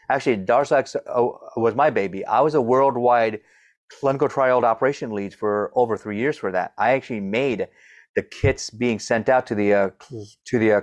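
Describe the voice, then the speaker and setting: A middle-aged man with a stutter talks as an interview guest. He explains things eagerly and demonstrates sounds as he goes. His voice sits at a middling pitch. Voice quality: stutters, repeating opening sounds. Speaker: guest coach. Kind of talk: conversational interview.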